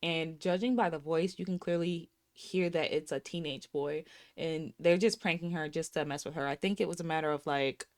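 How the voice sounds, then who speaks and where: A woman in her thirties with a slightly low voice recaps a movie scene by scene. She is chatty and sassy and talks straight to her viewers. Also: fairly even intonation, moderate pace. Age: 30s. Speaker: movie reviewer. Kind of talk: casual movie recap and review.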